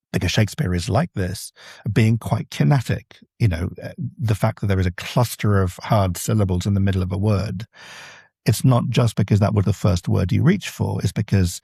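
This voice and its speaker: A man's voice: fairly low pitch, gravelly, mellow, husky, no room sound, clean studio sound. A man, a translator, explaining his craft in a podcast interview, thoughtful and full of examples. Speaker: translator guest.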